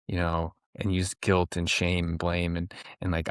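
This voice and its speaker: Man, very deep voice, earnest, explanatory, dry close sound. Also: fairly even intonation, normal speed, clean tone, no echo. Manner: earnest, explanatory, many restarts. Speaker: guest. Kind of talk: conversational interview.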